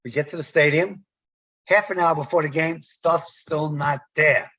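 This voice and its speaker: A man's voice: fairly high pitch, normal speed, breathy edge, highs cut off. A man, a former umpire, telling stories in a podcast interview and acting out the dialogue. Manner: animated storyteller, acts out quoted dialogue.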